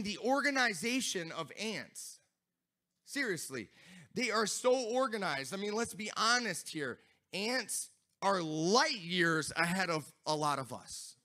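High bright-voiced preacher, slow delivery. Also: male voice. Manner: builds from quiet reflective talk to shouted praise; laughs and exclaims often. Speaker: pastor. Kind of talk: sermon.

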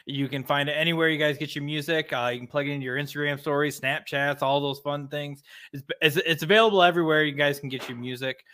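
A man's voice: fairly high pitch, fairly even intonation, quick pace, few pauses, bright, forceful tone. A man appearing as a guest musician, chatting casually and easily with many fillers. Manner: easygoing, filler-heavy plugging. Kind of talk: casual chat.

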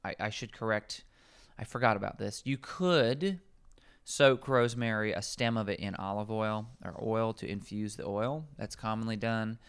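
A man's voice: lowish voice, moderate pace, smooth. A man, a nutrition coach, explaining herbs in casual podcast conversation, rambling and correcting himself as he goes.

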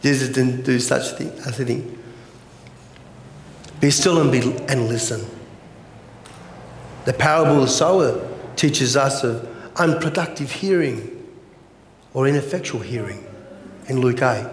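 A man preaching a sermon as pastor, animated and full of rhetorical questions. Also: medium pitch, measured pace, long pauses, echoey room, long reverb tail, slight background noise.

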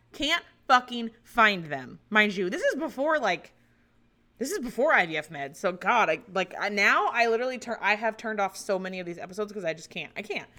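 Woman host, 30s, loose solo chat, bright tone, cursing and laughing throughout. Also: mid-range voice. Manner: swearing, rambling, laughing often. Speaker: podcast host.

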